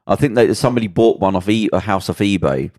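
A man's voice: on the low side, lively intonation, fast, darkish tone, dry recording, studio quality. A man co-hosting a podcast, chatting casually in a rambling, opinionated way. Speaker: podcast co-host. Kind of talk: casual chat.

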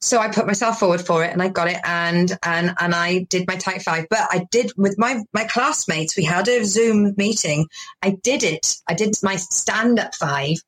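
A woman's voice: mid-range voice, normal speed. A woman from the UK, a comedian, telling stories in a podcast conversation over a video call and acting out quotes. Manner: animated storyteller, acts out quotes. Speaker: comedian guest.

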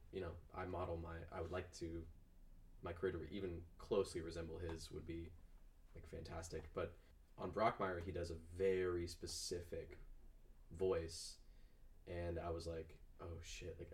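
Young man guest, low voice, animated chatty delivery, mic a bit far off. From Georgia, USA. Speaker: guest actor. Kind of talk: casual storytelling.

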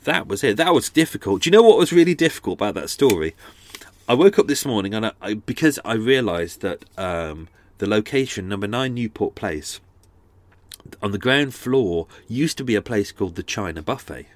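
A man's voice: on the low side, lively intonation, moderate pace. A man hosting a true crime podcast, rambling casually with many fillers and restarts. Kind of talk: casual chatty outro.

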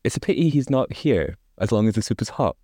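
A man voicing a plain working father in a fairy tale, anxious and shrill. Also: big pitch swings, fairly quick, dark tone, no room sound, clean studio sound. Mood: alarmed. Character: simple grieving father, horrified.

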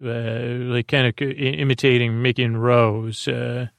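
A man's voice: medium pitch, level tone, moderate pace, gravelly, no echo. A man hosting a podcast, recapping an episode in a casual, rambling way with many fillers and self-corrections. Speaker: podcast host.

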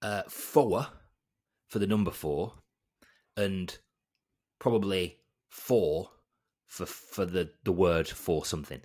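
A man from Bolton with a softened Northern English accent, co-hosting a podcast in a rambling, self-deprecating chat. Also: deep voice, unhurried. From Bolton, England. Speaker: podcast co-host. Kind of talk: casual chat.

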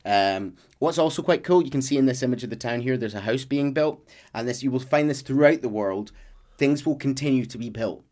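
A man hosts a podcast recapping a video game's lore in a chatty, casual way, full of fillers and laughs. His mid-range voice has a darkish tone and runs a little fast.

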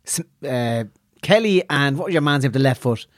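A man's voice: medium pitch, animated, brisk, no room sound, studio quality. An Irish man co-hosting a podcast, joking and guessing aloud in casual chat. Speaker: podcast co-host.

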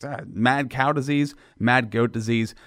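A man's voice: mid-range voice, fairly even intonation, a little slow, a bit bright, dry recording, clean studio sound. A man hosting a radio show, joking and rambling in casual chat.

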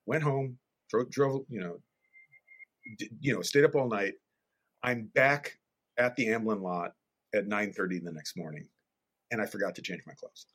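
A middle-aged man, an animator and director, telling a story as a podcast guest in an animated way and acting out the dialogue. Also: on the low side, normal speed, long pauses. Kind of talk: casual storytelling.

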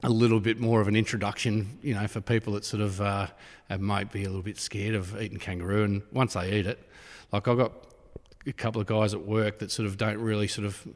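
His voice is lowish, level, and brisk as this Australian pie shop owner rambles casually through an interview, peppering it with "sort of." The recording has a reverberant room sound.

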